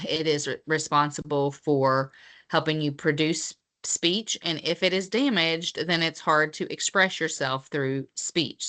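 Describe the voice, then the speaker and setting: Woman lecturer, low voice, bright tone, casual explaining with fillers. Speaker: physical therapy instructor. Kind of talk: lecture for students.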